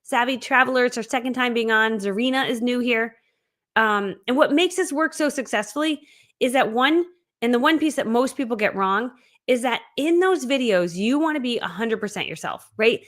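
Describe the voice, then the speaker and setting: An upbeat woman teaching a live-streamed training. She sits a little high in pitch and talks with amped-up, chatty energy, with frequent laughs between points. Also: moderate pace, a bit bright. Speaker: host of an online business training.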